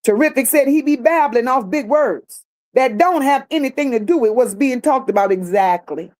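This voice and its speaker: A woman's voice: high-pitched, expressive, moderate pace, darkish tone. A woman hosting a livestream, reading viewer comments aloud and answering them bluntly, with sassy repeated phrases. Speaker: livestream host.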